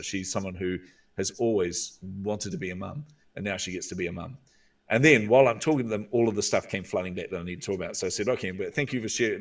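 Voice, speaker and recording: A man with a New Zealand accent, a guest coach telling stories in an interview and acting out inner voices with drawn-out pauses. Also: fairly low pitch, recorded from a distance. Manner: animated, acts out inner voices with drawn-out "hmm". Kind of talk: storytelling interview talk.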